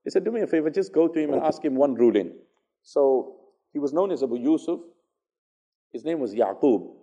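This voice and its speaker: A man giving an Islamic religious lecture, telling stories, acting out dialogue and reciting Arabic verses quickly. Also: a little high, expressive, warm tone, breathy edge, lo-fi sound. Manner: conversational, fillers, repeats phrases for emphasis.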